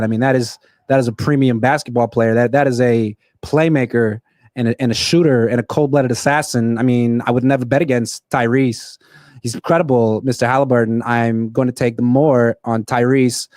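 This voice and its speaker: A man putting on a celebrity actor impression while making sports betting picks, with drawn-out, halting phrasing. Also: mid-range voice, darkish tone, no echo, lightly acted.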